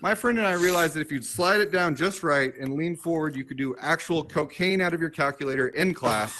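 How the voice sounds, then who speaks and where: A man in his thirties performing a stand-up set on a comedy club stage, with dry, self-mocking jokes and quick asides to the crowd. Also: fairly high pitch, poor audio. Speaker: stand-up comedian hosting the show.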